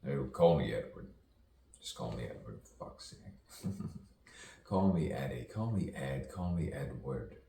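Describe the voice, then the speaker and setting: Deep, slow, rambling rhyming man. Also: expressive, gravelly, mellow, slight background noise. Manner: free-associating, rhyming, playful, shifting voices. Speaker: self-styled poet and performer. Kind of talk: rambling spoken-word monologue. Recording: roomy echo, distant from the mic, faint ambience.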